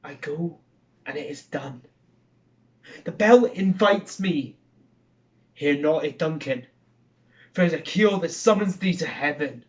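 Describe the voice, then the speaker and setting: A man performing a brooding Scottish murderer-king on the edge of a killing, his Scottish accent in every line. He sinks to whispers and then rises to declaim, at a slow, weighty pace in a slightly high register. The recording sounds dull and lo-fi. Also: expressive, distant mic. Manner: swings between hushed whispers and raised declaiming. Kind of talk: theatrical Shakespeare monologue.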